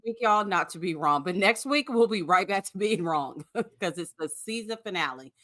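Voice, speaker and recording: Blunt woman cohost, swears a lot, really bouncy expressive voice, dry mic. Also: on the low side, normal speed, no room sound. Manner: blunt, swears, laughs often. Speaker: podcast co-host. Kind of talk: casual chat.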